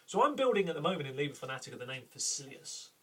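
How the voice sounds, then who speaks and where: A man's voice: on the high side, big pitch swings, rapid-fire, breathy edge, recorded from a distance. A middle-aged man from the UK, a game master hosting a chatty, self-deprecating tips talk. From United Kingdom.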